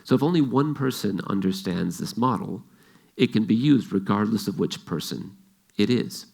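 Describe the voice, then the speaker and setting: A man's voice: fairly low pitch, expressive, moderate pace, vocal fry, darkish tone. A man giving an explanatory talk, telling an example story and acting out its dialogue. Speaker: speaker.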